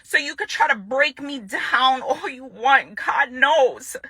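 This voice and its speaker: In a public video, a young woman furiously confronts her ex, driving her points home through repetition. Her fairly high voice is bright and tense with a breathy edge, slow-paced and recorded close and dry.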